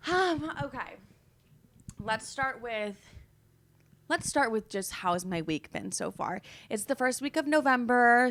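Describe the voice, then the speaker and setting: A woman's voice: medium pitch, fairly bright tone. Chatty, foul-mouthed young woman podcaster. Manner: chatty, swears freely, dramatic asides. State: tired and low on energy. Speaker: podcast host. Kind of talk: casual solo podcast chat. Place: her apartment, construction noise outside.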